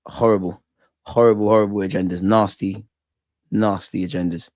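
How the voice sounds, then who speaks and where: Excitable young man, dry sound. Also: lowish voice, moderate pace, no echo. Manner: excitable, slangy, shouts out viewers. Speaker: fan channel host. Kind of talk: live watch-along reaction.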